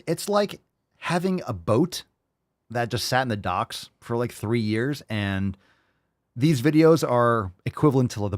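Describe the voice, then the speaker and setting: A man's voice: mid-range voice, no room sound, studio quality. A man hosting a podcast, reacting to video clips with mocking, profane commentary. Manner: sarcastic, mocking, swears a lot. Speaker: podcast host.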